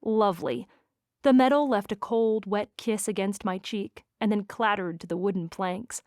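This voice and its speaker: A woman narrating a first-person romance audiobook in an expressive, wry manner. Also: medium pitch, normal speed, no echo, clean studio sound.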